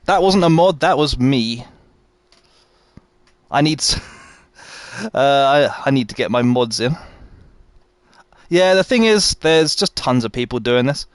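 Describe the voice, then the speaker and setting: A man's voice: medium pitch, animated, slow, long pauses, no echo. A man live-streaming a game, chatting casually and answering viewers as he plays. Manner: chatty, reads out and answers viewers while playing. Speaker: livestreamer playing a game.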